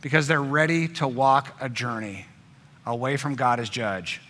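A male pastor giving a sermon, swinging between emphatic passages and hushed, intimate ones. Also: medium pitch, normal speed, slight background noise.

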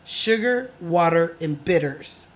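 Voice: mid-range voice, lively intonation, slow pace. A podcast co-host chatting casually, laughing often while telling a story with swearing. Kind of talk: casual chat.

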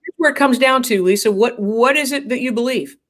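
A woman's voice: on the high side, a little fast, fairly bright tone. A woman guest from Ohio telling a dramatic story in an interview, acting out the quoted dialogue with energy. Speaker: guest, pro-life activist.

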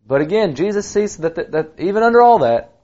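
A man's voice: high-pitched, lively intonation, brisk, a little mellow, lo-fi sound. A man co-hosting a casual Bible study talk, speaking in a chatty, conversational way. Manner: conversational, chatty, frequent "you know". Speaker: podcast co-host, preacher.

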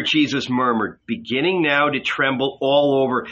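A man's voice: mid-range voice, bright, forceful tone. A man giving a dramatic narration of a novel as an audiobook reader. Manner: dramatic, slow.

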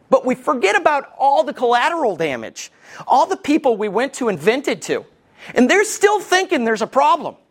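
A man preaching a sermon as lead pastor, animated and acting out quoted voices, calling out to the congregation. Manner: animated, acts out quoted voices with big pitch jumps; calls out to the congregation for response.

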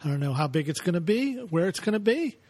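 A man on a casual podcast teases his co-hosts with quick wisecracks. His voice is high and bouncy, with a husky edge. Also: big pitch swings, a little mellow. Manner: teasing, wisecracking. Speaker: podcast co-host.

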